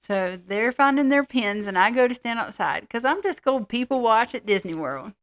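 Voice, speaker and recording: A woman's voice: fairly high pitch, expressive, normal speed. Chatty middle-aged woman telling stories. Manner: rambling storyteller, self-deprecating. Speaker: co-host. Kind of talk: casual chat.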